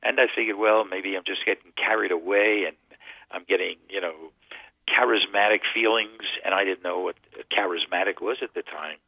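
A man's voice: low voice, steady tone, moderate pace, gravelly, slightly rough, no room sound. Earnest man on a tinny phone line. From Connecticut. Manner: earnest storyteller. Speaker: radio guest. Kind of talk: telling a personal testimony.

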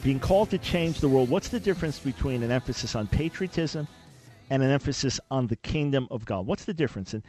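A man's voice: medium pitch, a little fast, soft background music. Emphatic male radio talk host. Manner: emphatic, animated preaching delivery with sudden loud peaks. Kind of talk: call-in radio talk show monologue.

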